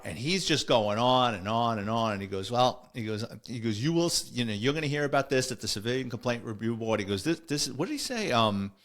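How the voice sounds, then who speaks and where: A middle-aged man tells stories from his police days. He talks casually and jumps into the voices of partners and suspects as he goes. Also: mid-range voice. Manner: animated, acts out the people he quotes. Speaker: retired police officer telling stories. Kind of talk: casual storytelling.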